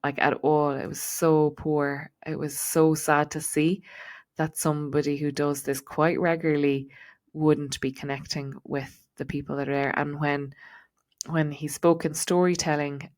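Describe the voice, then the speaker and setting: A woman's voice: low voice, little pitch movement, a little slow, a little mellow. A woman with a neutral Irish accent, giving a chatty solo podcast talk as host and coach, with frequent ums and likes. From Ireland.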